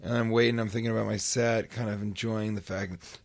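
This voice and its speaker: A man's voice: fairly low pitch, fairly quick, gravelly. A man hosting a podcast, casually telling a comic story and acting out the sounds and voices in it. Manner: animated, acts out sounds and voices. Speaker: podcast host.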